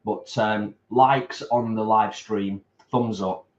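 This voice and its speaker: A man's voice: lowish voice, steady tone, slow pace, darkish tone. A man co-hosting a casual livestream while eating, easygoing and chatty as he reads out viewer comments. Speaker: co-host of a vegan livestream. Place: home, at a table while eating. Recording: echoey room, slightly dull sound.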